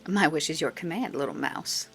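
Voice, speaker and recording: A coquettish old Italian stallholder, as a woman puts her on, teasing in a put-on Italian accent. The voice sits low with a gravelly edge. Faint game music and rain play behind her. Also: expressive, moderate pace, fairly bright tone, full character voice. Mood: flirty teasing.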